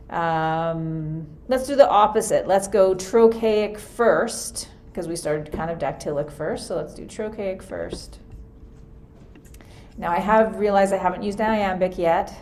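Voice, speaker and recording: A woman teaches a music theory class in a screen-recorded lesson, casually thinking aloud while working through an example. Her voice is mid-range with a darkish tone, picked up by a computer mic.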